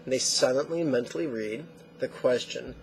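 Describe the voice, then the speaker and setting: A man teaching meditation, who tells lively stories and acts out the quotes. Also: mid-range voice, moderate pace, gravelly, a little hiss or hum. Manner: animated storyteller acting out quotes. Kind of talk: spoken meditation lesson.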